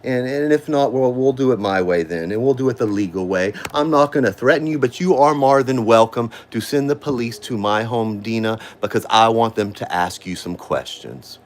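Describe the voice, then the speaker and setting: A man with a drawl rants into his phone from home, his voice sore and worn from an hour of screaming. He is confrontational and accusing, hammering the same name again and again. His pitch sits at an ordinary middle height. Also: normal speed, hardly any pauses, slight background noise. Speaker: livestream host. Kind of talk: angry livestream rant. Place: at home, indoors.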